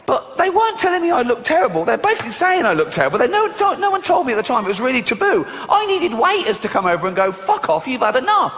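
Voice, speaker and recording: A man's voice: very high-pitched, huge pitch swings, quick pace, few pauses, fairly bright tone. A man doing a stand-up routine on stage before a live audience, with dry, sardonic storytelling. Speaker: stand-up comedian. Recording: reverberant venue with crowd noise.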